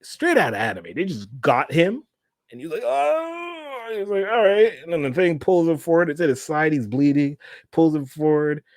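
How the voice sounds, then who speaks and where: A young man hosting his own channel, giving a casual, excitable episode recap that rambles, repeats words and uses lots of slang. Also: on the high side, moderate pace, no echo, clean studio sound. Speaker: channel host.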